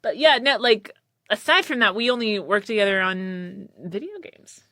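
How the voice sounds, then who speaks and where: An animated woman hosts a casual podcast chat in a bright, forward voice. She laughs easily and slips into quoted dialogue as she tells stories. The sound is dry and close, with no room echo. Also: medium pitch, moderate pace. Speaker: podcast host; voice actor and script supervisor.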